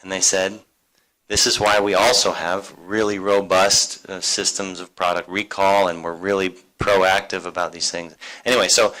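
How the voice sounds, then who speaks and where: A man's voice: deep voice, little pitch movement, normal speed, sharp tone, low-quality recording. A man speaking on an alumni career panel at a university seminar, talking casually with fillers and restarts. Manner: conversational, many fillers and restarts.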